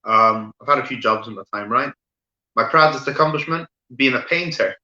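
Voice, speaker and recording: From a room at home, a male comedian streams a stand-up set of deadpan one-liners, often adding "right?" and pausing with fillers. His voice is mid-range, and the lo-fi recording sounds dull with a roomy echo.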